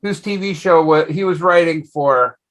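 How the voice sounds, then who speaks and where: A man's voice: a little high, moderate pace, a bit bright. A man hosting a podcast in casual chat, blunt and frank, with loose phrasing. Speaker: podcast host.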